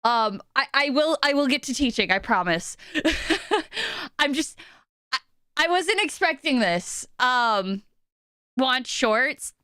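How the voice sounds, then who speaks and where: A woman live streamer, her voice pitched a little high and her speech slow and hesitant. She is emotional and near tears, stammering and laughing between thanks. It is recorded close and dry, with a bright, clear tone. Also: expressive, no echo. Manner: flustered, stammering, often laughing. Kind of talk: casual live-stream chat.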